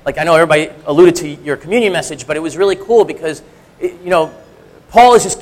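A man's voice: a little high, fast talker, big-room sound. A middle-aged man giving a candid, self-deprecating sermon as a church speaker, talking in a loose conversational way with frequent restarts. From three-quarters Sicilian heritage. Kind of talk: personal testimony sermon.

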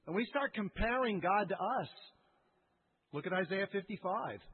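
A male pastor preaching a sermon in an animated, conversational way, asking the audience questions. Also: high-pitched, normal speed, background noise. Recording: echoey hall, tinny lo-fi sound.

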